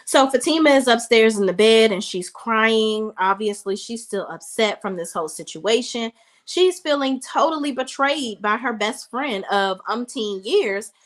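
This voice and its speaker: Woman in her thirties, casual recap host, chatty and direct with her viewers, mid-pitched voice. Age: 30s. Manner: chatty, talks straight to viewers as y'all. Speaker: reality TV reviewer.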